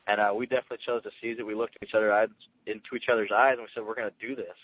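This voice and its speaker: Man, rapid energetic storyteller, slightly low voice, dull dry call audio. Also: no room sound. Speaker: guest speaker. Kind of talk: motivational call talk.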